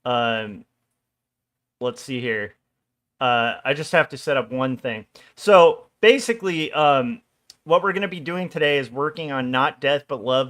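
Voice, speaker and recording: A man's voice: medium pitch, measured pace, a bit bright. A man in his forties, an illustrator chatting casually on a livestream while he draws, loose and rambling with small jokes. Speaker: illustrator streaming his drawing work.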